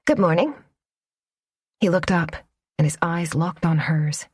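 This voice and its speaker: A woman narrating a romance audiobook in a measured, even storytelling manner. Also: deep voice, slightly rough, dry recording, studio quality. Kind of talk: scripted narration.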